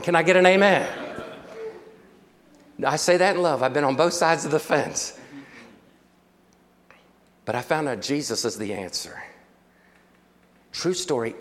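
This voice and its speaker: A man's voice: mid-range voice, big-room sound, slight background noise. A man preaching a sermon to an auditorium, telling a story with dramatic flair and calling out for amens. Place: large auditorium.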